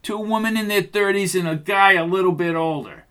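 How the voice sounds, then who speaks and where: Man reading as a snarling thug, raised pitch, loud and clipped, every word hammered out. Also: a little fast, clean tone. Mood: threatening. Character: menacing male thug barking threats.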